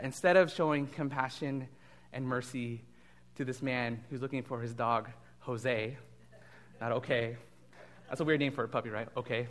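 A man preaching a casual, animated sermon as a guest pastor, with frequent fillers and restarts. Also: medium pitch, moderate pace.

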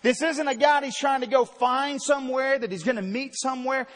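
A male pastor preaches in a church, hammering home key words and then dropping low to tell a story. His voice sits very high for a man. A long reverb trails after each phrase, as if he stands in a large hall. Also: fairly even intonation, fairly quick. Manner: emphatic, repeats key words, swings between loud and quiet. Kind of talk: sermon. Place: church sanctuary.

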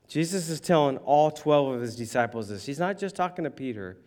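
A man preaching a sermon as a pastor, telling a story with lively shifts and acting out the voices of those he quotes. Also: fairly high pitch, a little fast, hardly any pauses.

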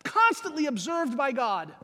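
A man's voice: extremely high pitch, huge pitch swings, unhurried, sharp tone, in a large hall. A man preaching a sermon to his congregation in a conversational way, often checking in with "right?". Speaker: pastor.

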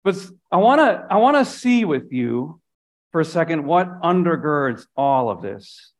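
A man's voice: a little high, big pitch swings, unhurried. A man, a pastor, preaching a sermon earnestly, often repeating phrases and dropping his voice for emphasis.

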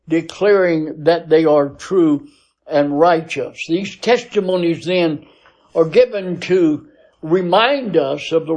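A man teaching a Bible lesson, reading scripture aloud in a measured cadence and pausing often with "uh" as he explains. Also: on the high side, a little mellow. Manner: slow, deliberate teaching with frequent "uh" pauses.

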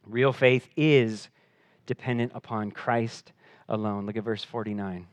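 A man preaching a sermon as pastor, earnest, rising in pitch and force for emphasis and then dropping quiet, often repeating words as he restarts. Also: fairly even intonation, unhurried, dry recording.

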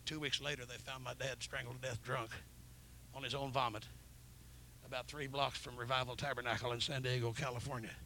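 A man's voice: mid-range voice, level tone, fairly quick, sharp tone, a little hiss or hum. A middle-aged man preaching a revival sermon in a church, telling stories with fervor and breaking into hallelujahs. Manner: impassioned, punctuated with hallelujahs. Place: church sanctuary.

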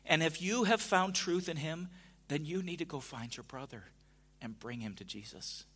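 Male pastor giving a sermon, kinda high voice, talks like a conversation, goes quiet then punchy. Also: expressive, moderate pace, a little hiss or hum. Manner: conversational, swings from hushed to emphatic.

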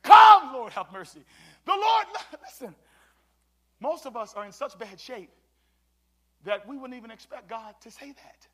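A pastor preaching with a very high, bright, ringing voice. He swings from loud shouted exhortations down to low, hushed asides and keeps calling out to his congregation. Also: sing-song, unhurried, pauses often. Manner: preaching with call-and-response, swinging between shouts and hushed tones. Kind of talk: sermon.

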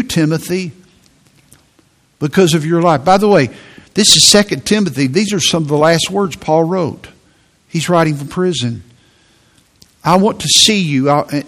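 A man preaching a sermon in an earnest tone, often repeating words as he presses a point. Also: a little high.

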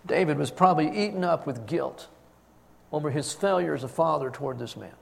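A man's voice: a little high, animated, fairly quick, vocal fry. Man preaching a storytelling sermon. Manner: storytelling, with emphatic swings in loudness.

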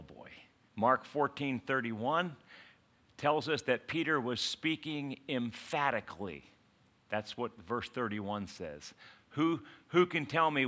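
A man preaching a sermon in an animated way, acting out quotes and asking the congregation questions. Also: medium pitch. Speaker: pastor.

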